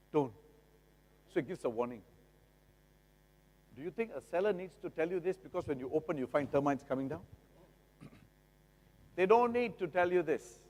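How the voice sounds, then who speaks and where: A middle-aged man with a Singaporean English accent gives a lively, jokey seminar talk, often asking the audience rhetorical questions. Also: on the high side. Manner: jokey, acts out buyers and sellers. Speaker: lawyer giving a seminar talk. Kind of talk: seminar lecture. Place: seminar hall. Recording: long reverb of a seminar hall.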